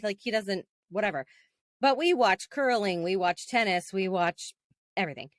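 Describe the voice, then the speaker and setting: A woman, co-hosting a podcast as a casual, animated storyteller who laughs often. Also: mid-range voice, normal speed, dry recording, clean studio sound. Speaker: podcast co-host. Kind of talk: casual chat.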